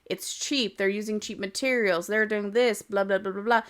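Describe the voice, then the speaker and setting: A woman's voice: mid-range voice, fairly even intonation, moderate pace, clear, resonant tone, lightly acted. A woman quoting a condescending woman who scolds a rival in prim, clipped phrases.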